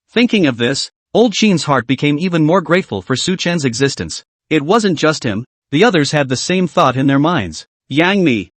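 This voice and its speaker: A man's voice: fairly high pitch, no echo. A man narrating a comic story recap in scripted storytelling style.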